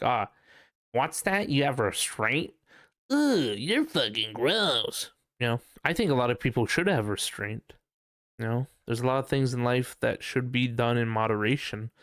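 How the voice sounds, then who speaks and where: A man's voice: mid-range voice, creaky, no room sound, studio quality. A young man hosting a casual podcast, ranting profanely with a lot of laughter. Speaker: podcast host.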